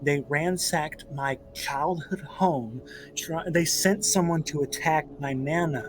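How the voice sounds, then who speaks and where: A man's voice: on the high side, measured pace, slight background noise, natural voice. A man voicing a protective, stern woman who scolds firmly but cares. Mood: defiant. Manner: firm, scolding.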